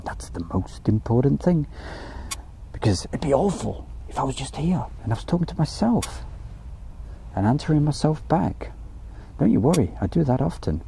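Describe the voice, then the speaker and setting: A man's voice: medium pitch, sing-song, normal speed, vocal fry, mellow, slight background noise. A man hosting a casual live stream from outdoors by an airfield, chatty and joking as he reads out viewer messages.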